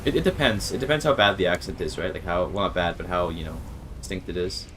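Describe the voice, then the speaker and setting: A man's voice: sits low, fast, a bit bright, slight background noise. A man streaming a video game, chatting casually with his viewers, swearing and restarting sentences when frustrated. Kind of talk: casual gaming livestream commentary.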